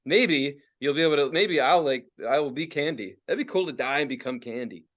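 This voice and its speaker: A man's voice: fairly high pitch, lively intonation, fairly quick, a bit bright, muffled recording. A man in his forties ranting and swearing as a podcast co-host, laughing often in casual talk. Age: 40s. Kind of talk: casual profane podcast rant.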